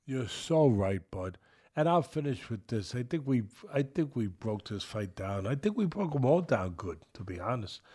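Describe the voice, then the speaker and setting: An older man giving an emphatic, repetitive fight breakdown as co-host, at times dropping to a low mutter. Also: sing-song, normal speed, dark tone, breathy edge. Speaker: boxing analyst co-host.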